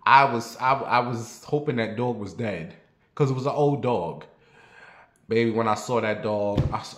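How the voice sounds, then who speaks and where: A man's voice: mid-range voice, moderate pace, a bit bright. Rambling New man, roomy echo. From New York. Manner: rambling, blunt and profane, talks straight to viewers. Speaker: vlogger. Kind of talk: casual storytelling monologue.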